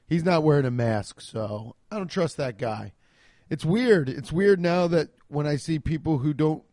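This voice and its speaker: A man's voice: a little high, a little mellow, no echo. Rambling comic storyteller man, dry sound. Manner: rambling, self-deprecating, swears freely. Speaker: podcast host. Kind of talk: casual comedic storytelling.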